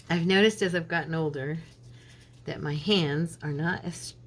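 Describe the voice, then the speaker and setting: Low-voiced chatty middle-aged woman. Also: takes it slowly, long pauses, slight background noise. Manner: chatty, laughs often, tells stories. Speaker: crafting channel host; minister. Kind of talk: casual chat while crafting.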